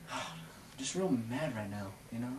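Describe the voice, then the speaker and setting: A man's voice: mid-range voice, lively intonation, a little slow, recorded from a distance, close to an everyday voice. A young man playing a hotheaded schemer. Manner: blunt, short-tempered, shouting at times. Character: hotheaded young man plotting against his roommate. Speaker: amateur film actor. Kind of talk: homemade comedy film acting. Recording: noisy amateur camera audio.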